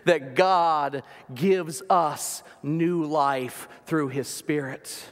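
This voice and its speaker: A man preaching a sermon as pastor, earnest, sometimes dropping to a soft near-whisper for emphasis. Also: a little high, long reverb tail.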